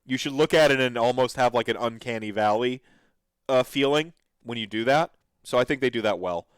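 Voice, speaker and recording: A man's voice: mid-range voice, brisk, smooth, dry recording. A man hosting a podcast, reacting to videos in an enthusiastic, rambling way with lots of fillers. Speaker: podcast host. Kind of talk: casual commentary reacting to videos.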